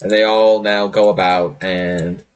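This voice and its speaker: A man's voice: low-pitched, flat delivery, a little slow, clean tone, dull audio. A man acting as game master, narrating a tabletop game in a casual, rambling way over a voice call.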